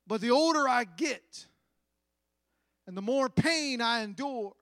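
A man preaching a sermon, dramatic, swinging from loud passages to hushed ones. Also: extremely high pitch, animated, slow, no echo, clean studio sound.

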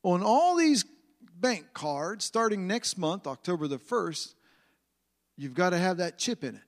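High-voiced man preaching. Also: expressive, unhurried. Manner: emphatic, repetitive delivery with uneven pace. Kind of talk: sermon.

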